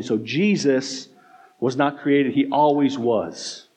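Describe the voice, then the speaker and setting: A man's voice: medium pitch, slow, warm tone, breathy edge. A man with an American accent preaching a sermon, emphatic, with repeated phrases and rhetorical questions to the congregation. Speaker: pastor.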